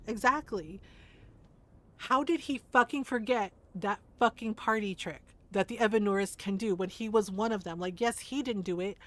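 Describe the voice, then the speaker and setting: A woman's voice: mid-range voice, normal speed. A woman streamer in casual commentary, ranting emphatically and swearing a lot. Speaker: game streamer.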